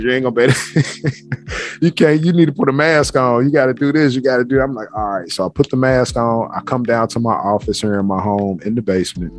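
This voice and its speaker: A middle-aged man and show host telling a story casually, loose and profane, laughing as he talks, from a basement home office. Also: mid-range voice.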